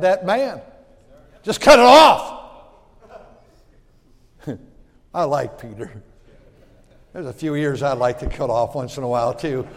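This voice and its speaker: Male pastor, high voice, emphatic preacher who drops to hushed confession; long church-hall reverb. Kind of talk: sermon.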